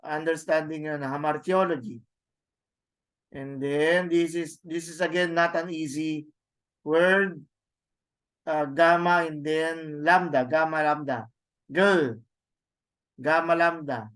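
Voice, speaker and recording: Man, teacher, slow careful pace, repeats each word, tag questions. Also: fairly high pitch, fairly even intonation, fairly bright tone, clean tone. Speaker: Greek teacher. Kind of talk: classroom lesson, reading words aloud.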